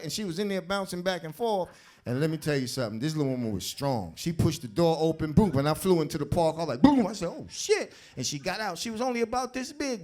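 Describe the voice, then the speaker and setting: High-voiced New stand-up comic. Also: male voice. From South Bronx, New York. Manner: animated, streetwise storyteller. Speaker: stand-up comedian. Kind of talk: stand-up comedy. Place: comedy club stage.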